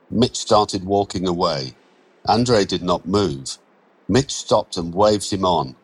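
A male storyteller with a very low voice. He reads slowly, in a calm and measured way. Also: breathy edge, rough recording. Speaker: narrator. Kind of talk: scripted story narration.

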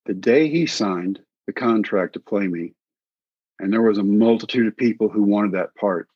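A man with a husky, slightly breathy voice, talking as an interview guest about his time as a baseball coach and pitcher. He tells folksy anecdotes and acts out the other voices in them. The recording is dry and a little dull. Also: moderate pace, dry recording. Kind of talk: animated storytelling in an interview.

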